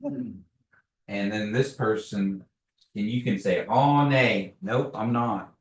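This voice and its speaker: Man, language teacher, patient, repeats words slowly, distant mic, roomy echo. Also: lowish voice. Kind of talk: classroom language lesson. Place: classroom, echoey room. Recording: echoey room, distant mic.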